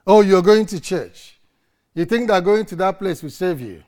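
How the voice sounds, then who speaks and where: A man's voice: sits high, normal speed, mellow, natural voice. A man acting out a scoffing male critic who mocks someone for going to church. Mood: mocking. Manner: mocking.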